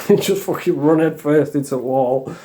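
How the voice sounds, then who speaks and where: A man's voice: fairly high pitch, normal speed, mellow. A man ranting in a crude, mocking vlog, laughing at his own jokes. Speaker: online commentator.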